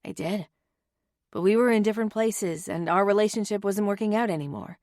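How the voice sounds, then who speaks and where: A woman voicing a young woman's calm, fond best friend in a romance audiobook, with a soft, even-tempered manner. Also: medium pitch, brisk, dry recording, studio quality, lightly acted. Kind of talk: audiobook character voice.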